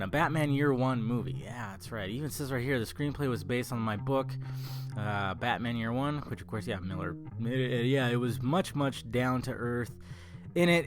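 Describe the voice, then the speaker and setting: A man talks through film news in a loose, rambling way, tripping over words and filling gaps with ums and uhs. His voice has a tired morning sound, and plucked guitar music plays clearly behind him. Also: mid-range voice, fairly bright tone. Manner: rambling and chatty, many fillers and restarts. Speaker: film vlogger. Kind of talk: casual movie news chat.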